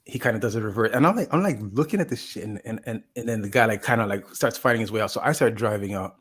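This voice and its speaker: A man with a fairly low voice tells a long, winding story in casual chat. He rambles, restarts his sentences and fills them with "like" as he acts out what people said. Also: quick pace, fairly bright tone, breathy edge. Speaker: podcast co-host.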